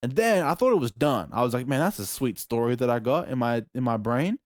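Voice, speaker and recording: A young Australian man, a podcast host, telling a story in casual chat, animated and profane, acting out moments with yelps. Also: mid-range voice, fairly quick, no echo, studio quality. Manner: animated, profane, acts out scenes with yelps and shouts.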